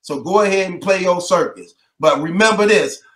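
High-voiced man ranting mockingly. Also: moderate pace, fairly bright tone, echoey room. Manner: taunting, repetitive, laughs between jabs. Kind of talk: mocking rant to camera.

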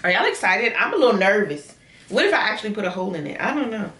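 A young adult woman doing a casual shapewear try-on for her viewers, chatty and animated, calling them girl and y'all, often jumping into high excited squeals. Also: fast. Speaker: beauty vlogger reviewing shapewear. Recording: echoey room.

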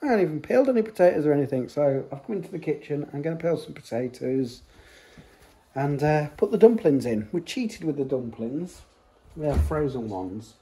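A man's voice: a little high, animated, fairly quick, mellow, husky. A man vlogging chattily at home on a handheld phone, joking and rambling. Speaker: family vlogger. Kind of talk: casual chat to camera. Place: family home, kitchen.

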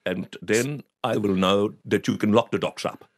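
A man's voice: fairly low pitch, moderate pace, no room sound, clean studio sound, lightly acted. A man doing an old Dutch-accented painter. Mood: polite. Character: old Dutch house painter, polite and fussy.

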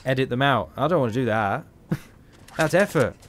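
Tired, joking gamer. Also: male voice, medium pitch, animated, moderate pace, a little hiss or hum. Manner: rambling, joking, talks to himself. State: tired, yawning. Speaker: gameplay commentator. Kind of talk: casual game commentary.

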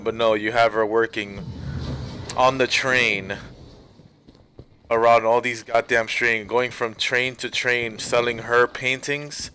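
Ranting young male gaming streamer. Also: mid-range voice. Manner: ranting, profane, rambling. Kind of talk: casual storytelling while playing. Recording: game sounds and noise behind.

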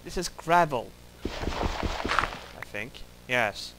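A man's voice: medium pitch, animated, very slow, over music, poor audio. A man giving wry, self-mocking commentary while playing a game, grumbling at it as he goes. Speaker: gameplay commentator. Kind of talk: let's play commentary.

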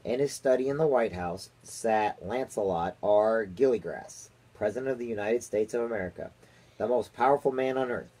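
Husky man reading a storybook aloud. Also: on the low side, normal speed, low-quality recording. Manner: steady storytelling with small slips. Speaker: father reading to his daughter. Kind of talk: reading a children's book aloud.

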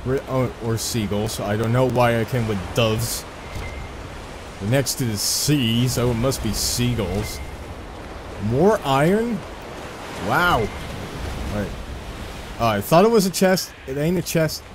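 A man casually commenting on his own gameplay, rambling and self-deprecating, with sudden excited outbursts. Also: mid-range voice, slow pace, pauses often, noisy background. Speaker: let's play gamer.

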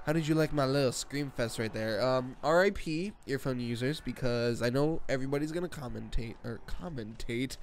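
A young man in his late teens doing rambling, jokey gameplay commentary from his bedroom, excitable and prone to sudden screams. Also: medium pitch, fairly quick, slight background noise. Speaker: gaming channel host. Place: own bedroom.

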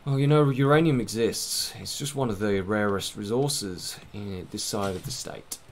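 A man's voice: lowish voice, moderate pace, slight background noise. A man giving casual, rambling, self-mocking commentary while playing a game, swearing now and then. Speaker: gaming let's-play host.

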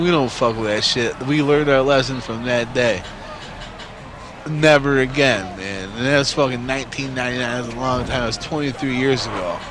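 A man in his forties from New York State spins a story in a loose, rambling way and swears constantly. His voice sits at an ordinary middle pitch, and faint traffic hums behind him. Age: 40s. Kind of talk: casual storytelling.

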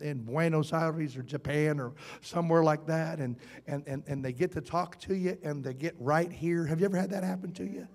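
A man's voice: fairly high pitch, creaky, darkish tone. A man preaching a sermon, folksy and playful, often asking the congregation questions. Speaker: pastor. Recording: hall reverb.

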